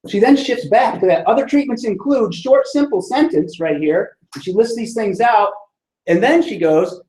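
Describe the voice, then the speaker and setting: A man's voice: high voice, expressive, a little fast. A man giving a writing lesson, talking students through sentence structure in a conversational way and often asking "right?". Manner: conversational, frequent "right?" check-ins. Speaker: writing instructor. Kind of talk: classroom lecture on sentence structure. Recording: echoey room.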